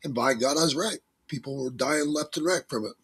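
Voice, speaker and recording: A man's voice: a little high, brisk, a bit bright, breathy edge. A man talking as a guest on a talk show, telling stories in a folksy, emphatic way with religious turns of phrase. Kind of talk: casual talk-show interview.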